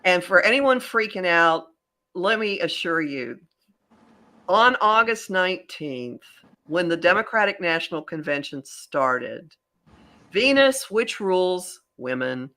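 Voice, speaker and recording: Woman, podcast host, astrologer, bright forceful tone, rambling restarts. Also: fairly low pitch, slow pace. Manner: rambling, animated, with many restarts. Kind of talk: casual podcast chat.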